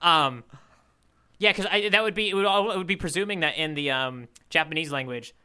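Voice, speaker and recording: A man's voice: fairly high pitch, a little fast, bright, forceful tone, clean tone. A man co-hosting a podcast, musing aloud in casual chat, trailing off and restarting his thoughts. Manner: rambling, self-interrupting, musing aloud. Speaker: podcast co-host.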